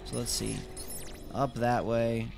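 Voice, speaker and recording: A man's voice: medium pitch, flat delivery, slow pace, vocal fry, a little mellow, faint music behind. A man casually commenting on a video game as he plays, thinking aloud about each move. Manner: chatty, thinking aloud while playing. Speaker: gameplay commentator.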